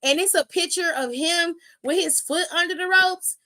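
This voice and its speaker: A woman host giving a sassy, animated wrestling recap full of slang and swearing. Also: extremely high pitch, moderate pace. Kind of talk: casual recap commentary.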